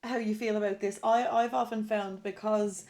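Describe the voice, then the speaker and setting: A woman hosting a podcast who asks thoughtful, searching questions in a relaxed, casual chat. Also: mid-range voice, normal speed. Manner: curious, asks reflective questions with fillers. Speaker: podcast host. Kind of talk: casual conversation.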